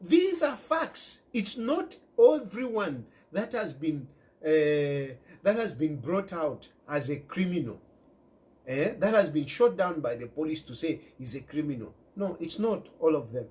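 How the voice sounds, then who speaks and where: Zambian male commentator speaking straight to camera, insistent and lively in pitch. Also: unhurried. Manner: emphatic, repeats key phrases, mixes in local words. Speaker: political commentator. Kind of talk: impassioned direct-to-camera commentary.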